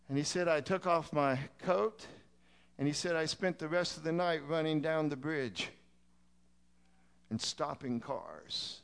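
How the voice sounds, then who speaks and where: A man preaching, telling a long illustration story that builds from a quiet telling to a shouted plea to his listeners. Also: on the high side, a little slow, vocal fry, clear, resonant tone.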